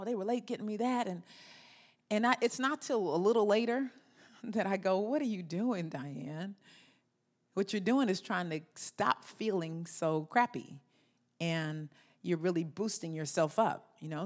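Woman pastor, sermon delivery, slightly low voice, animated, acts out voices, call-and-response.

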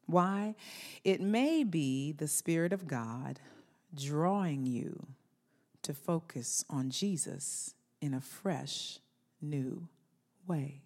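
A woman pastor preaches a lively sermon with a lowish voice and a slow pace, acting out inner voices and leading her congregation in call-and-response.

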